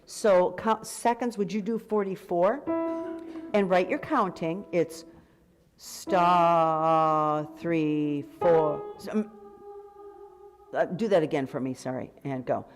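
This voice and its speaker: A woman runs a choir rehearsal at a measured pace, calling out the beats and occasionally singing brief counts as a demonstration. Her pitch is fairly low, and music plays clearly in the background.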